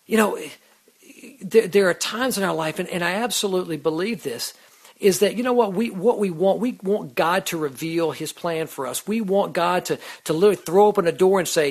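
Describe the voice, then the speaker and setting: A man's voice: sits high, moderate pace. A man hosting a Christian radio show, talking about faith in an earnest, casual way, with lots of "you know" and restarts. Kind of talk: casual devotional talk.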